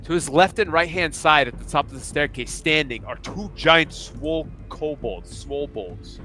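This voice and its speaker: Bright-voiced male game master. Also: a little high, moderate pace, soft background music. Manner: casual and loose, with fillers like "kinda" and "like". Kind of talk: narrating a tabletop game.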